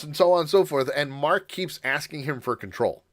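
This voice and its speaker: Halting man recapping a show. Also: fairly high pitch, lively intonation. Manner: halting, repeats words, laughs often. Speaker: podcast co-host. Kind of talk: casual chat recapping a show.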